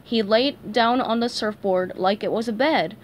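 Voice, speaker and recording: A young woman reading a children's storybook aloud in an expressive, animated way. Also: a little high, a little slow, slight background noise. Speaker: story reader.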